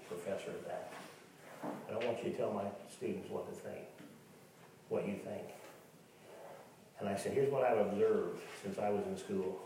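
A man's voice: lowish voice, warm tone, slight background noise. A male pastor giving a sermon in a folksy, conversational way, telling stories and speaking directly to his congregation. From Kansas, USA. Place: church sanctuary. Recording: very echoey church hall, mic at a distance.

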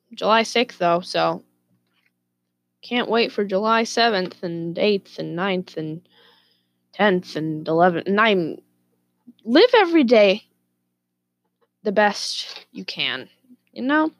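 A woman vlogger casually telling a story to camera, profane and animated, with laughing asides. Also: mid-range voice, slow pace, long pauses, dry recording.

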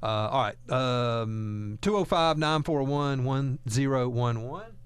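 Smooth-voiced talk radio host, man. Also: medium pitch, slow pace, no room sound. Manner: folksy, earnest, repeats words.

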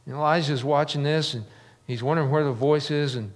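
A man's voice: a little high, fairly quick. A middle-aged man preaching a sermon as a pastor, earnest, building emphasis with repeated phrases. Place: church sanctuary. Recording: long reverb of a large church hall.

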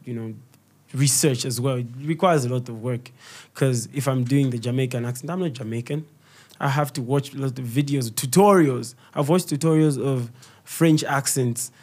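A man's voice: medium pitch, darkish tone. A young Zambian man with a Zambian accent, a comedian being interviewed, telling stories casually and slipping into a local language for quoted voices. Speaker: guest comedian and content creator.

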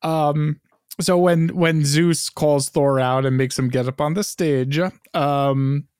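A man talks through a film on a podcast, joking crudely and rambling with plenty of fillers. His voice is smooth and resonant, recorded close and dry with no room sound. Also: fairly high pitch, steady tone, slow pace, a little mellow, dry recording. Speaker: podcast co-host. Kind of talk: casual film-review chat.

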